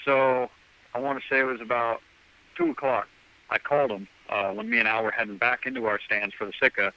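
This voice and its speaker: A man who hunts appears as a podcast guest, telling a rambling, casual story and acting out the dialogue with "I'm like" quotes. His medium-pitched voice is brisk with fairly even intonation, and the recording sounds muffled.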